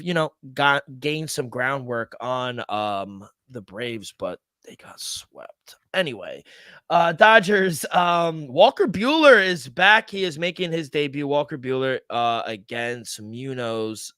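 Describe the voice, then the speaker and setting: A man's voice: mid-range voice, fairly bright tone, no room sound. A man co-hosting a sports betting podcast, talking casually with frequent swearing and exasperated rants about his team.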